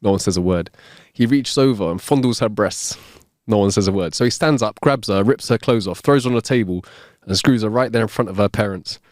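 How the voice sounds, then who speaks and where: A man's voice: fairly low pitch, brisk, a little mellow, no room sound, studio quality. A man co-hosting a comedy podcast who tells jokes as stories and laughs at his own punchlines. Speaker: podcast co-host. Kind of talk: joke telling.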